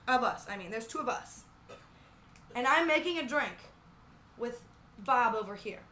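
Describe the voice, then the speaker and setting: High bright-voiced woman bartender, swears a lot, acts out customers, echoey room. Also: expressive, normal speed, slight background noise. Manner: loud, profane, acts out customers. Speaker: podcast co-host, bartender. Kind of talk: casual chat.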